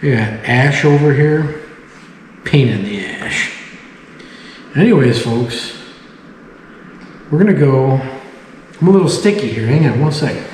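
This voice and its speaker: A man's voice: medium pitch, animated, a little slow, long pauses, darkish tone. A man casually chatting and joking to himself while he makes a smoked cocktail at home. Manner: chatty, jokey, talks to himself while working. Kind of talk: casual talk while demonstrating. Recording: echoey room audio with long reverb and faint hiss.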